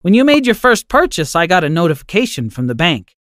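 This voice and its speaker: A man voicing a kindly old grandmother in a storybook podcast, speaking softly and reassuringly. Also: high voice, sing-song, fast talker, no echo, studio quality, voice pushed up. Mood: gentle, kindly. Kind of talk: storybook narration.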